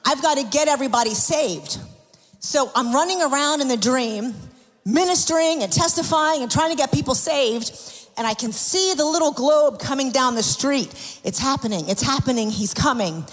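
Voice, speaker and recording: A woman preaches with a voice that sits high, lively in intonation and at a normal speed. She tells personal stories earnestly and confessionally with frequent restarts, and a long hall reverb fills the sermon recording.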